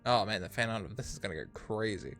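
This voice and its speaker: A man's voice: on the low side, animated, quick pace, a bit bright. Joking male game streamer on a headset. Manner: joking, reads game dialogue aloud. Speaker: gaming streamer. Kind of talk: casual gaming commentary. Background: game music.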